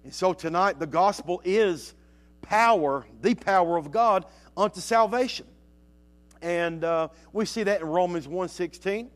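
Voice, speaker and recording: A man preaching a sermon, reading scripture slowly and emphatically and dropping to soft asides in between. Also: high voice.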